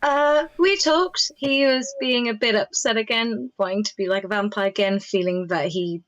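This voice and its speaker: A woman casually recounting her character's part in a tabletop vampire campaign, chatty and relaxed. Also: a little high, moderate pace, no echo, highs cut off. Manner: chatty, casual, swears in quoted asides. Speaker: tabletop game player.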